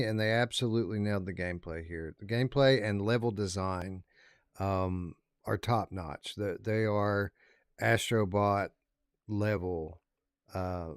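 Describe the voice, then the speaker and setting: Low, smooth-voiced male podcast host. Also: no echo, clean studio sound. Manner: halting, with many fillers and restarts. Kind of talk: casual game review chat.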